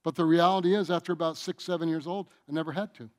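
A middle-aged man preaching a sermon, stretching out his phrases and swinging between booming emphasis and hushed asides. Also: fairly even intonation, quick pace.

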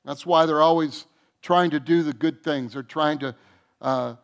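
A man preaching a sermon to his church as its pastor, earnest, with restarts and soft, quiet endings to his phrases. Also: fairly high pitch, measured pace, smooth. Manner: earnest, with repeated restarts and soft drops in volume. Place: church sanctuary.

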